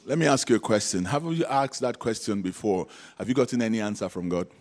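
A man's voice: lowish voice, animated, fast. Man preaching with call-and-response. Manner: calls out to the congregation, rhetorical questions; laughs often between points. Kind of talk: sermon.

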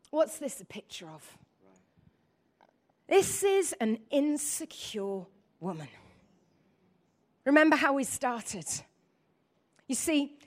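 A woman preaching a lively sermon, joking with her audience and acting out scenes. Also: high voice. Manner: animated, laughing, acts out voices.

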